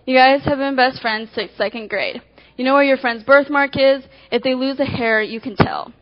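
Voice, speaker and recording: Woman, high voice, animated devotional speaker acting out illustrations; muffled lo-fi recording. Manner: animated storytelling, swinging between quick and slow emphasis. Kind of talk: devotional talk with acted illustrations. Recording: dull lo-fi recording.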